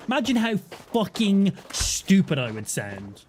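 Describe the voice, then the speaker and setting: A man's voice: high voice, big pitch swings, slow, a little mellow, a little hiss or hum. An Irish man chatting casually and cursing freely while he streams gameplay and jokes around. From Ireland. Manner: chatty, profane, joking.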